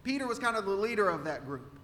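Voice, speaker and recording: A man's voice: high-pitched, big pitch swings, fast talker, fairly bright tone, big-room sound, slight background noise. A man from Central Texas with a Texan accent, preaching a sermon as pastor in a conversational way, repeating rhetorical questions. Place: church sanctuary.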